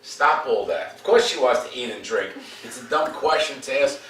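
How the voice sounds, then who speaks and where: A man's voice: mid-range voice, moderate pace, a bit bright. A man working as a dog trainer, coaching owners at home in a direct, demanding, joking way. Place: home, indoors. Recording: roomy, distant, faint background noise.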